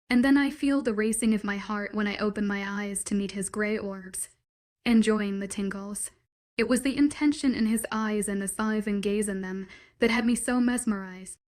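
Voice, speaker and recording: Woman narrating a romance audiobook softly. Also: medium pitch.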